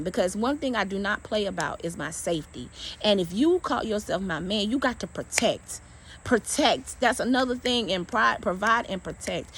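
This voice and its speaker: A woman with a fairly high voice tells a personal story bluntly, swearing freely. Her pitch swings widely as she acts out what everyone said. A faint wash of outdoor ambience sits behind her. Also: a little hiss or hum. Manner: blunt, profane, animated retelling with quoted dialogue. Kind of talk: casual storytelling to camera.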